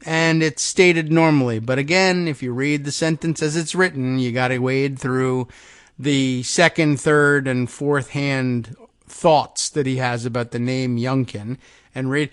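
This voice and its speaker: A man's voice: mid-range voice, fairly even intonation, unhurried, clear, resonant tone, no room sound, studio quality. A man hosting a political talk show, giving loose, sarcastic commentary with mocking asides. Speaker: political podcast host. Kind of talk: talk-radio style news commentary.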